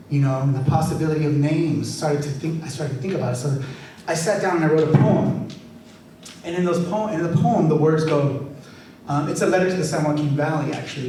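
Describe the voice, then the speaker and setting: Animated male storyteller in an echoing hall. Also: a little high, a little hiss or hum. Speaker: author giving a reading. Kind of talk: storytelling talk and poetry reading. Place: large event hall. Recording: echoey hall from far off.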